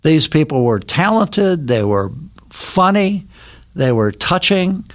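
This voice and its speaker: A man's voice: fairly high pitch, big pitch swings, takes it slowly. An older man from Wisconsin, a guest in a recording studio, telling stories in a rambling way with many restarts. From Milwaukee, Wisconsin. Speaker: guest, actor. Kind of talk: casual interview chat.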